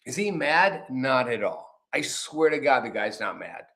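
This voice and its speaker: A man's voice: mid-range voice, big pitch swings, a little slow, fairly bright tone. A man hosting a political commentary show, talking casually and rambling, swearing freely and acting out quotes. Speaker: show host.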